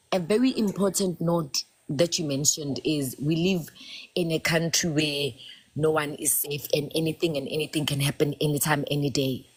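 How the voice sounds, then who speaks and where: A woman, talking in a casual, expressive way on a live chat show and mixing local words into English. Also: on the low side, husky.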